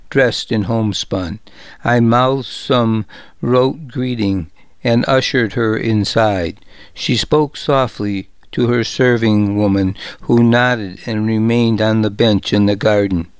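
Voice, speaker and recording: A man reads a first-person story in a measured, deliberate way, taking his time over each phrase. His voice is smooth and clear, of middle pitch, and sits close and dry with no room sound. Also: no room sound. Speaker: audiobook narrator. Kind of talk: scripted first-person narration.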